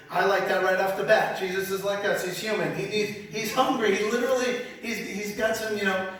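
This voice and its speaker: A man teaching from the Bible in a sermon, animated and conversational, often repeating words as he goes. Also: high-pitched, normal speed, slight background noise. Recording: very echoey hall, speaker far from mic.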